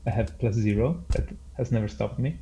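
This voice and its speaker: A man's voice: on the low side, brisk, dark tone. A man playing a tabletop game casually, playful and laughing. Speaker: player. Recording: dull lo-fi with faint noise.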